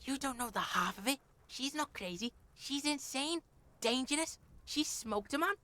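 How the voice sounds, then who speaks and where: A woman's voice: high-pitched, lively intonation, moderate pace, crowd noise. A woman voicing a foul-mouthed, swaggering street boy who talks about himself in the third person, in a video game. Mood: menacing.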